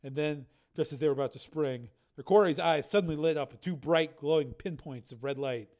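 Man narrating an audiobook in a steady voice. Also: a little high, a little fast. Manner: steady storytelling with occasional slips and self-corrections.

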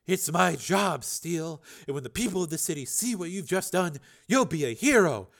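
A man's voice: fairly high pitch, animated, normal speed, creaky, pitched above the performer's own voice. A man reading an audiobook, voicing a brash, ambitious young female TV reporter in a lightly raised voice. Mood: eager.

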